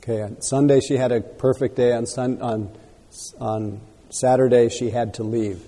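A male meditation teacher answers questions calmly and gently, reflective in tone. His voice is deeply mellow and dark. A long reverb hangs behind him in the hall. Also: normal speed. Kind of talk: dharma talk Q&A.

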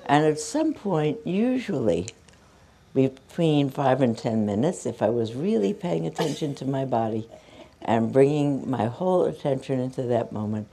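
A woman meditation teacher giving a dharma talk, telling a humorous story about herself while calmly cueing stretches. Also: rumbling low, moderate pace, slight background noise. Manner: humorous self-mocking storytelling mixed with calm movement cues.

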